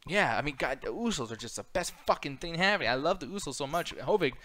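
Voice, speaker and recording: A man's voice: fairly high pitch, animated, fast, bright, forceful tone. A man co-hosting a casual review chat, ranting and swearing freely. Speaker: co-host.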